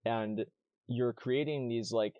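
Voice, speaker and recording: A man's voice: medium pitch, steady tone, slow, no echo, lo-fi sound. A man streaming, arguing his side in a heated casual debate and pressing his points with repeated words.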